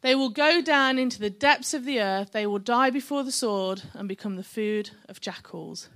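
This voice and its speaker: A middle-aged woman preaching to her congregation in a slightly high voice. She talks in a chatty, encouraging way and drops joking asides to the listeners. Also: moderate pace, fairly bright tone. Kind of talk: sermon.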